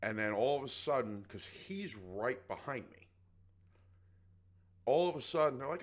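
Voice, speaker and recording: A man's voice: medium pitch, animated, moderate pace. A man co-hosting a podcast, telling a story in casual chat and acting out other people's voices. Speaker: podcast co-host.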